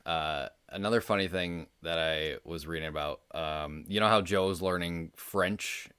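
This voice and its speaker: A man co-hosting a podcast, talking through a film in a relaxed, rambling way with plenty of fillers. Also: low-pitched, measured pace, clean tone. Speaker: podcast co-host. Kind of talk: casual movie discussion.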